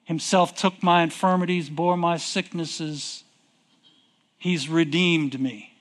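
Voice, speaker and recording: A male preacher with a high-pitched voice delivers a sermon in an unhurried, deliberate cadence. He reads old-fashioned scripture aloud and pauses to throw questions to the congregation. He stretches out key words for emphasis. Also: steady tone, fairly bright tone. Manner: reads scripture in King James wording, asks the congregation questions; slow, deliberate, drawn-out emphasis. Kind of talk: sermon with call and response.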